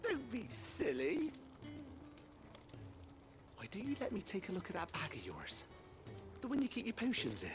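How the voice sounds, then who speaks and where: A man's voice: high voice, wildly swooping pitch, moderate pace, long pauses. An actor playing a cheerful male craftsman in a video game, talking chattily and persuasively. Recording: video game audio with music.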